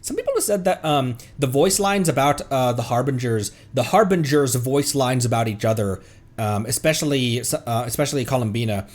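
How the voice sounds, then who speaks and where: A man giving casual livestream reaction commentary, rambling and hesitant with many restarts and bursts of excitement. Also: medium pitch, normal speed. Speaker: streamer.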